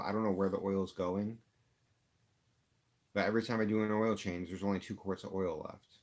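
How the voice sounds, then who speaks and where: A man's voice: sits low, steady tone. Frustrated man venting on a live stream. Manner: frustrated venting, halting restarts and fillers. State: upset, near tears. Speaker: rideshare driver vlogger.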